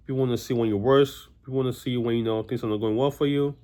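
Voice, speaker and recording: Young guy vlogging, talks fast, rambly with tons of "you know"s. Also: medium pitch, steady tone, mellow. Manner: rambling, many restarts and "you know" fillers. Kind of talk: casual personal storytelling to camera.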